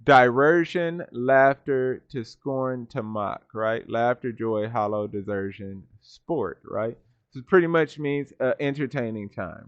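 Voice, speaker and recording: A man's voice: medium pitch, dry recording, dull audio. A man teaching scripture from home. He reads verses, looks up word meanings and keeps checking in with "right?". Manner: reads verses then defines words, repeats "right?". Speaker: Bible teacher. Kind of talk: scripture study talk.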